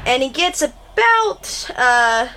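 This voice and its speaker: Animated woman recapping a movie. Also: sits high, slow, soft background music. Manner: animated, swearing, laughing retelling. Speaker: podcast co-host. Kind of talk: casual movie recap chat.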